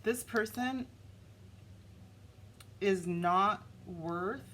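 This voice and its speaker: A woman giving a casual, animated tarot reading, talking straight to her viewers. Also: mid-range voice, very slow, a little hiss or hum. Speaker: tarot reader.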